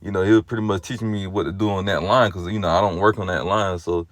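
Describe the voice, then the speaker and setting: Man, lay teacher, casual rambling exhortation, heavy fillers, swings from subdued to animated, dry close mic. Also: fast talker, no echo. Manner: rambling, heavy on fillers like "you know" and "or whatnot"; starts low and subdued, then grows loud and animated.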